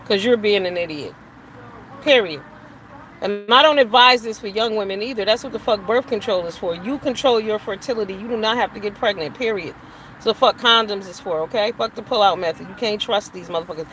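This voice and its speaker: A woman's voice: medium pitch, brisk, a bit bright, a little hiss or hum, rough recording. A middle-aged woman hosting a show, giving blunt, profane, emphatic commentary with preachy asides. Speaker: show host. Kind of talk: opinionated casual commentary.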